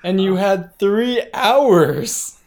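A man's voice: sits high, lively intonation, very slow, darkish tone. A man co-hosting a podcast, teasing his partner with dry, skeptical questions and jokes. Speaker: podcast co-host. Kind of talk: comedic banter.

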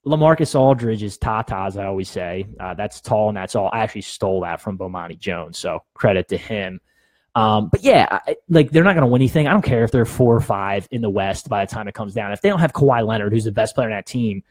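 A man's voice: mid-range voice, a little mellow, no echo. A young man hosting a sports podcast, giving blunt, opinionated takes in casual talk and laughing at his own jokes.

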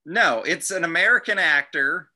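A young man co-hosting a podcast who chats casually and drops wry, quick interjections. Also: a little high, lively intonation, pushed and bright. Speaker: podcast co-host. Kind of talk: casual chat.

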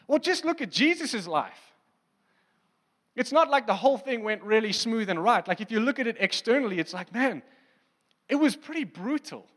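A man preaches in a relaxed, conversational way, acting out the scenes he describes. His voice sits a little high for a man. It rings out with the long reverb of a large hall. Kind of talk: sermon.

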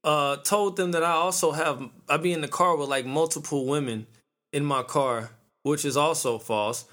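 Thirtysomething guy ranting on his podcast, cussing, slangy, kinda high-pitched. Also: normal speed. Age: 30s. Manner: animated storytelling, profane, slangy. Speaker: podcast host. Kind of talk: casual ranting monologue.

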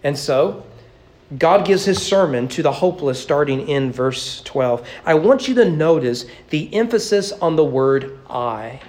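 A man preaching a sermon in a church sanctuary, earnest and emphatic, with stuttered restarts and slow, stressed endings to his phrases. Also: a little high, lively intonation, darkish tone. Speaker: pastor.

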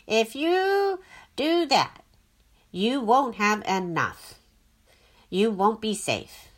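An anxious, grasping inner Mind, put on by a woman telling a story, loud and insistent and afraid of never having enough. The voice rides higher than her usual speech and clings to every word as if someone might take it away. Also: very animated, drawn-out words, heavily acted. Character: anxious, grasping personified Mind, fearful of scarcity.

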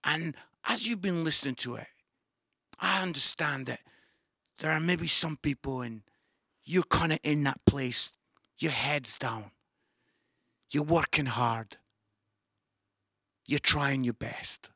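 Brief: male pastor, high-set voice, bright and forceful, enthusiastic sermon delivery. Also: slow pace, pauses often, dry recording, clean studio sound. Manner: enthusiastic, swings between excited outbursts and soft pleading. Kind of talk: sermon to an online audience.

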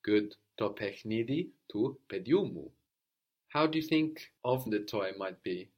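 A man's voice: lowish voice, expressive, unhurried, muffled recording. A man teaching a language lesson, patiently prompting a student and repeating model phrases.

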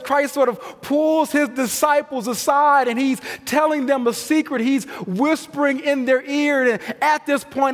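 A man in his thirties, a pastor preaching a sermon with emphatic swings from loud to hushed. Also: very high-pitched. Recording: long hall reverb.

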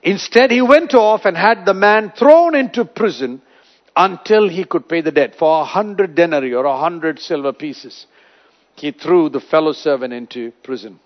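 A man preaching a sermon, retelling a parable with dramatic storytelling and wide swings in loudness. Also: a little high, normal speed. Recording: dull lo-fi recording.

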